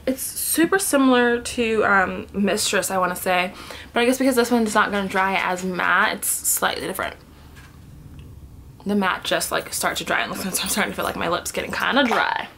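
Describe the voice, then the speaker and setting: A woman's voice: medium pitch, a bit bright, a little hiss or hum. A woman sitting on the floor at home, talking to a camera in a casual beauty vlog, chatty and thinking aloud, often dropping to a murmur. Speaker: beauty vlogger. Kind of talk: casual product swatching vlog.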